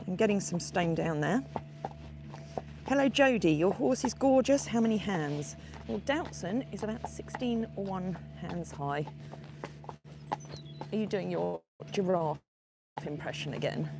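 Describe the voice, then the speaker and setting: Woman, low voice, friendly live-stream host riding outdoors, traffic noise behind her. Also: creaky. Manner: chatty, greets viewers by name. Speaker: horse sanctuary host. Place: outdoors on horseback at a farm. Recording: outdoor noise with passing vehicles.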